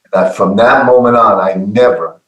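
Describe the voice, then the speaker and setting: A middle-aged man telling a personal testimony in an earnest, halting way, often repeating his words. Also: on the low side, steady tone, a bit bright, roomy sound, rough recording. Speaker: guest giving testimony.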